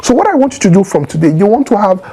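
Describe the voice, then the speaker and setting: An emphatic man talks about marriage straight to the camera, his voice gravelly and a bit husky. His pitch swings widely as he repeats key points and acts out tones of voice. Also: sing-song, rapid-fire, mellow, poor audio. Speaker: marriage advice speaker. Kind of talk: direct-to-camera advice talk.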